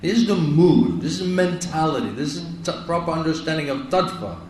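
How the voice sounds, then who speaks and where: Male spiritual teacher, a bit high-pitched, emphatic and repetitive, recorded in a roomy hall. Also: fairly quick, a little mellow, a little hiss or hum. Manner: emphatic, repeats phrases, asks "isn't it?". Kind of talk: devotional lecture. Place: lecture hall in India. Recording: echoey hall, heard from a distance.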